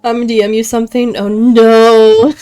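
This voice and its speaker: A woman's voice: on the high side, level tone, takes it slowly, mellow, soft background music. A young woman streaming a game, chatting casually with viewers, reading chat aloud and giggling often.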